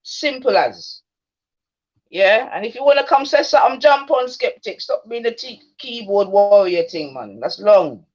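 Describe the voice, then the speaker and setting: A woman's voice: mid-range voice, animated, measured pace. Taunting woman on a lo-fi stream. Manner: taunting, confrontational, slangy. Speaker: livestream host. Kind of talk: casual livestream rant. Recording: dull lo-fi stream audio.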